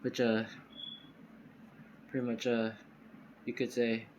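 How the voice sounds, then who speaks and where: A man of middle pitch rambles through an improvised fan story, leaning on fillers and restarting his sentences. He is recorded on a phone, with a faint hiss of noise underneath. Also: monotone, slow, rough recording. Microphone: phone screen recorder.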